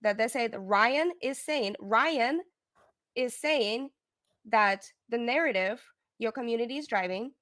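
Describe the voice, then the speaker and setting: Higher-voiced woman, calm and defensive. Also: unhurried, dry recording, studio quality. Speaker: panel guest.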